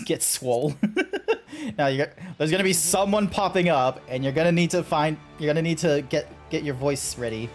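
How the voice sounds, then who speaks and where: A man's voice: fairly high pitch, a little fast, few pauses, faint music behind. A man streaming a game and chatting casually with friends, rambling, swearing and laughing easily. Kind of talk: casual chat while gaming.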